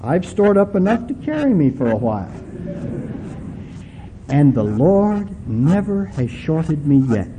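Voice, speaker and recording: A humble, devout elderly woman, as a male pastor quotes her speaks earnestly, her voice pleading. The voice is high and lively. It stays mellow. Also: unhurried, long pauses, a little hiss or hum, rough recording. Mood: relieved.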